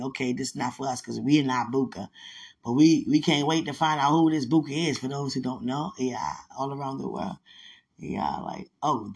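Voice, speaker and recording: A woman's voice: extremely low pitch, vocal fry, breathy edge. A woman host talking casually in a podcast monologue, telling chatty stories. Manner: chatty storytelling with laughs and sudden shouts.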